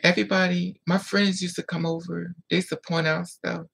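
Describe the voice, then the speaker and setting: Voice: medium pitch, flat delivery, normal speed, vocal fry, a bit bright, breathy edge. A vlogger telling a painful personal story in a blunt, raw way, repeating phrases and swearing freely.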